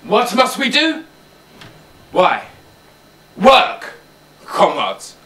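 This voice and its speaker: A male drama student playing an old boar who stirs the farm animals to revolt, with fiery oratory, a rasping menace and shouted key words. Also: high voice, wildly swooping pitch, extremely slow, exaggerated voice. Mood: rousing. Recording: roomy, distant mic.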